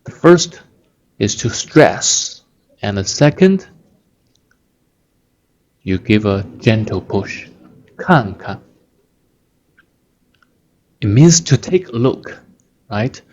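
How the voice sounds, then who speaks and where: Slow-talking guy with teaching a lesson, lowish voice, kinda muffled audio. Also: very animated, a little mellow. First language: Chinese. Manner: patient, repeats words slowly for learners. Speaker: Chinese teacher. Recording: dull lo-fi sound.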